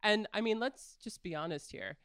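A podcast co-host chatting casually about films, with lots of "like" and "kinda" and some gentle teasing. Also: mid-range voice, normal speed, clear, resonant tone, no room sound. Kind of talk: casual film discussion.

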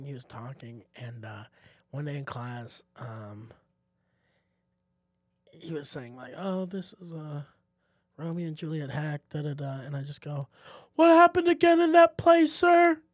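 Young guy on a podcast telling a school story, kinda high voice, dry close mic, keeps jumping into voices. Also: a little slow, long pauses, slightly rough, dry recording. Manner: animated storyteller, acts out quotes in shifting voices, swears. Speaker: podcast co-host. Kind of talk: casual storytelling chat.

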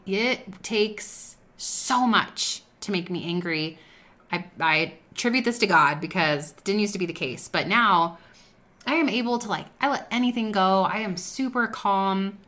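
Woman in her thirties, bright voice, low-pitched, earnest faith talk, conversational. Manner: earnest, conversational, personal storytelling. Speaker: podcast host. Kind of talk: faith-based business talk.

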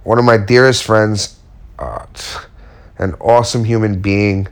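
A man's voice: lowish voice, steady tone, unhurried. A man who works as a custom furniture maker, giving a blunt, slangy motivational talk and swearing casually as he goes.

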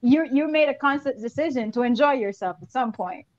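A woman's voice: high voice, fairly quick, highs cut off. A woman guest in a casual panel discussion, stammering on restarts as she reasons her points through. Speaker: podcast guest.

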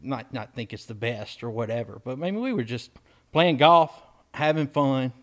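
A man's voice: mid-range voice, moderate pace, fairly bright tone. A man, from Mississippi, co-hosting a casual chat and rambling through stories with acted-out quotes. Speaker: podcast co-host.

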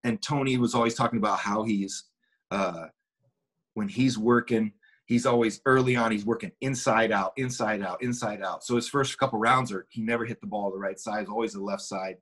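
A man's voice: on the low side, normal speed, a bit bright, husky. A middle-aged man, a former baseball player, casually telling a long anecdote with restarts and quoted dialogue. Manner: rambling, with many restarts and acted quotes.

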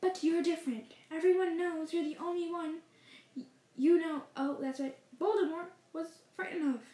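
A woman reading aloud and voicing a stern, prim woman professor who speaks in a brisk, clipped, impatient way. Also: extremely high pitch, steady tone, dark tone, pitched above the performer's own voice. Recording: roomy echo.

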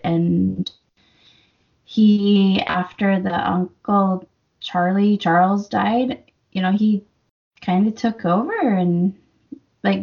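Female podcast co-host, casual and giggly, gravelly tone, dull lo-fi recording. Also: medium pitch. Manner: chatty, laughs often, lots of fillers. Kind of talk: casual book discussion.

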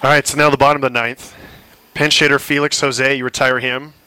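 A man's voice: mid-range voice, flat delivery, a little fast, pushed and bright, clean tone, no room sound, low-quality recording. A man hosting an interview, recapping plays and asking questions. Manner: sets up the story, recaps plays. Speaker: interviewer, host.

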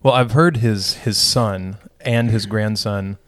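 A man co-hosting a podcast, leading a relaxed Bible study with dry jokes and frequent restarts. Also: on the low side, takes it slowly. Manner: relaxed, dry joking, self-correcting restarts. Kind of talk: casual chat.

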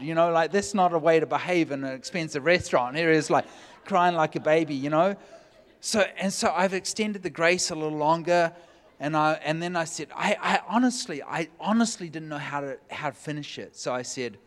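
A man preaching, telling a humorous personal story with lively, joking delivery. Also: a little high, moderate pace. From California. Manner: animated, jokey storytelling with laughs. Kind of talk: sermon storytelling.

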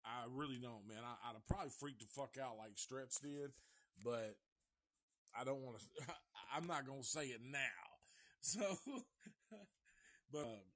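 A man's voice: medium pitch, expressive, measured pace, pauses often, fairly bright tone. A man casually recapping a movie live, rambling and profane, and chuckling often as he goes. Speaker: movie reviewer.

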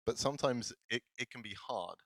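A man's voice: mid-range voice, a little fast, a bit bright, no room sound, rough recording. A male pastor giving a casual, self-deprecating sermon, laughing often as he talks. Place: church.

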